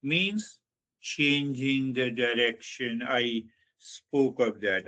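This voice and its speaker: A man giving a slow, reflective spiritual teaching talk, guiding listeners inward with measured repetition. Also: medium pitch, pushed and bright, muffled recording.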